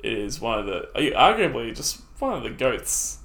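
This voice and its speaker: Brief: male podcast co-host, animated delivery, bright tone, talks warmly about favorites, breaks into laughter. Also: mid-range voice, moderate pace, gravelly. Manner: enthusiastic, bursts into laughter and loud silly voices. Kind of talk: casual chat.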